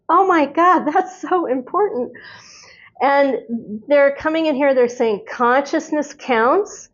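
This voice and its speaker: A woman with a slightly high voice talks earnestly through notes she has channeled. She stumbles over her words and restarts, then leans hard into the points that matter to her. The recording sounds dull and lo-fi. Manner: earnest, halting with restarts, builds to excited emphasis. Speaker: spiritual channeler. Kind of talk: solo talk reading channeled notes. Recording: dull lo-fi audio.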